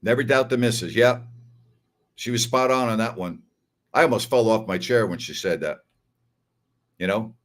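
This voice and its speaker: An older man with a lowish voice talks at normal speed, pausing often, while hosting a sports talk show. His casual live-stream chat mixes storytelling with phrases repeated for emphasis.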